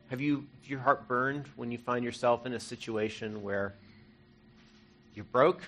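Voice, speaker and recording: A man preaching an Easter sermon, earnest and conversational, rising to loud emphasis and dropping to hushed, soft moments. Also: mid-range voice. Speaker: pastor.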